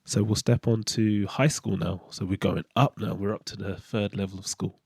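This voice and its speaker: A man speaks candidly in a low, mellow voice, reflecting on his own life. He talks in a halting way and restarts as he searches for words. The sound is dry and close. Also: steady tone, vocal fry, breathy edge, no echo. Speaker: channel host. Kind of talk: reflective personal monologue.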